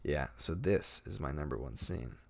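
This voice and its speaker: A man's voice: a bass voice, animated, normal speed, creaky. A young man hosting a podcast, casually retelling game scenes with lots of fillers and acted-out quotes. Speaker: podcast host. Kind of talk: casual chat.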